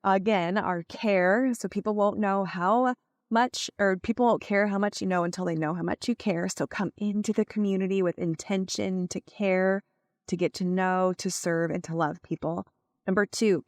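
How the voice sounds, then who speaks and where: A woman with a fairly low voice talks as a podcast host, coaching her listeners and checking that they follow her points. She fills her talk with "like" and speaks close to the mic in a dry room. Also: darkish tone, no echo. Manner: uses many "like" fillers. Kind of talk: solo podcast teaching.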